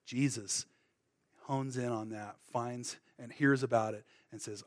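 In a sermon, a middle-aged man shares his personal testimony in a loose, rambling way, full of fillers and restarts. His mid-range voice is steady in tone and a little slow.

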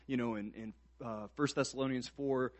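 A man preaching a sermon to a congregation, swinging from quiet reflective lines to loud emphatic peaks, with casual asides and fillers. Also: mid-range voice, steady tone, normal speed, no room sound. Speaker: pastor.

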